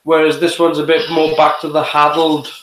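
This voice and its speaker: A man hosts a casual live reaction chat. He talks in halting, opinionated bursts with many restarts. His voice sits a little high and rings around an echoey room. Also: completely flat delivery, a bit bright. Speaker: show host reviewing TV.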